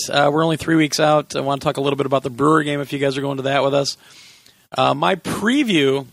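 A man's voice: mid-range voice, fast, vocal fry, no room sound. A man hosting a casual podcast with a sore voice, chatting loosely and laughing often. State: sore voice, sucking a lozenge. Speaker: podcast host.

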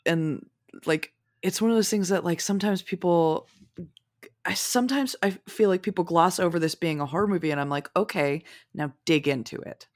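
A podcast guest talking casually about a film, rambling and profane with quick asides. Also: mid-range voice, no room sound, clean studio sound.

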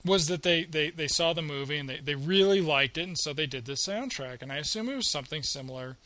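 Man, higher voice, bright tone, podcast co-host, hesitant casual chat. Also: lively intonation, fast, dry recording. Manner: hesitant, repeats words as he thinks. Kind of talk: casual film discussion.

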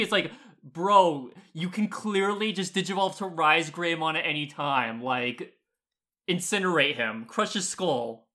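A man in casual podcast chat with a bright, forceful voice. He rants in good humor, teasing and joking with his co-hosts. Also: on the high side, moderate pace. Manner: exasperated, jokey, mocks lines in silly voices. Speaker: podcast co-host.

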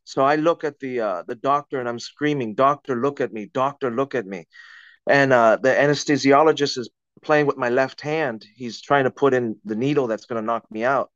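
A man's voice: mid-range voice, a little fast, no room sound, lo-fi sound. A man, a podcast guest, telling a personal story in conversation with vivid, dramatic retelling and acted-out quotes.

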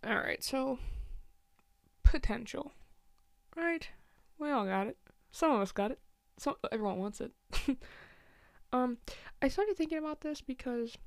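A woman's voice: medium pitch, a little mellow, no room sound, clean studio sound. A woman in her twenties hosting her own podcast, rambling in a casual chatty way with many fillers and frequent small laughs. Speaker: podcast host. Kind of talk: casual solo podcast chat.

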